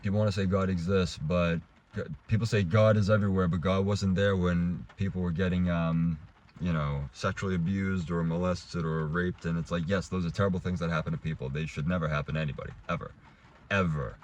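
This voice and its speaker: A man's voice: deep voice, a little mellow. A young adult man giving a heated, rambling casual rant to camera, restarting and swearing as he talks. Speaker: vlogger.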